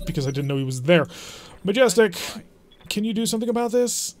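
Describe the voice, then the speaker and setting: A man talks through a strategy game in a let's play, wry and chatty, often poking fun at himself. His voice sits a little higher than most men's. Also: expressive, fairly quick. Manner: wry, self-deprecating, chatty. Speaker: gaming channel host.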